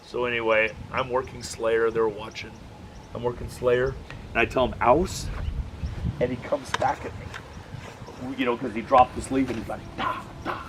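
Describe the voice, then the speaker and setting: Dog trainer, male, animated joker, noisy camera recording, mid-range voice. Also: mid-range voice, normal speed. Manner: animated, joking storyteller. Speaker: dog trainer leading a workshop. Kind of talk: casual workshop talk with anecdotes. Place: training workshop.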